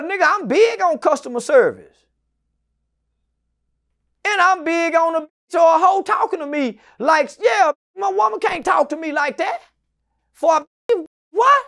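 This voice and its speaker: This is a high-pitched man in his forties, a guest in an interview who tells stories with loud, profane emphasis. He often breaks into shouts, then drops to low, muttered asides. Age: 40s. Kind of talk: animated storytelling in an interview.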